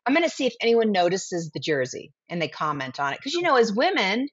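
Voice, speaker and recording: A woman's voice: medium pitch, quick pace, few pauses. Brief: woman in her 40s, chatty storyteller guest, acts out quotes, slightly dull lo-fi audio. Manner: animated, acts out quoted dialogue. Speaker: guest, brand founder. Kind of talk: casual storytelling interview.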